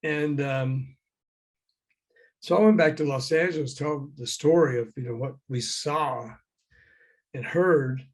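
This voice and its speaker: An older man, a former record promoter, telling lively anecdotes as an interview guest over a video call, acting out the people he quotes. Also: on the high side, slow, pauses often. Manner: lively raconteur who acts out the people he quotes.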